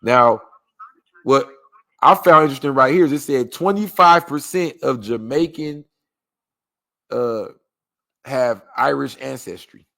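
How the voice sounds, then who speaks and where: A man hosting a laid-back reaction chat, his voice gravelly with a steady fry underneath. He talks loosely and jokes around, slipping into preachy asides. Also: medium pitch, measured pace, long pauses. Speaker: podcast host.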